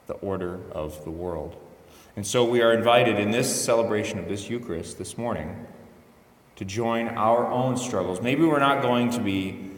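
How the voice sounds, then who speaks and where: A priest gives a relaxed weekday homily in a low voice, chatting more than preaching, with wry asides and quick self-corrections. His words ring out through a roomy church with a long, echoing tail. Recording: echoey church hall, voice from a distance.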